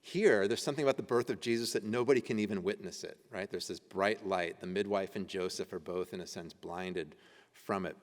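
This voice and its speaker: A man's voice: sits low, a little fast. A man teaching an adult education class at a church, reading ancient texts aloud and talking them over casually. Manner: conversational, laughing while reading old texts aloud. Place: church meeting room. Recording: church hall reverb.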